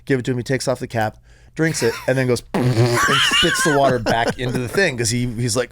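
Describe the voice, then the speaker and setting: A man in his forties, a podcast co-host, telling a family story in casual chat and acting out the shouted parts. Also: medium pitch, fairly quick, a little hiss or hum. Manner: animated, acts out his own yelling in the story.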